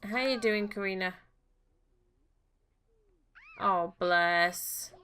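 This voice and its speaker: A woman's voice: mid-range voice, drawn-out words, smooth. A woman, casually commenting on a life-sim game and cooing at the characters as she plays. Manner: coos and fusses gently at the game characters. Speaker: gaming channel host. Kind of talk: casual let's-play commentary.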